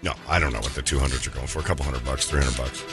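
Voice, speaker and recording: A man hosting a talk show, telling a story casually and acting out other people's lines in pitched-up voices. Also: fairly even intonation, racing, loud music behind the voice.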